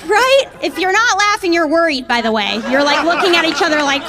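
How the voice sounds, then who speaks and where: A woman with a notably high voice performs stand-up in a comedy club. Her delivery is chatty and a little hesitant, full of small fillers. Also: animated, fairly quick, music in the background, a crowd in the background. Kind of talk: stand-up set.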